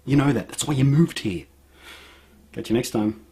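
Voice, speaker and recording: A man's voice: medium pitch, normal speed, mellow. A young man with an Australian accent, ranting to his viewers in a vlog. His tone is sarcastic and mocking. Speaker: vlogger.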